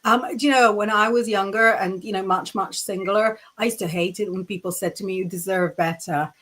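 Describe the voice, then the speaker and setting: A woman's voice: medium pitch, steady tone, a little fast, a bit bright. A woman from the UK co-hosting a live psychic stream, chatty and reading out viewer comments. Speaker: co-host psychic.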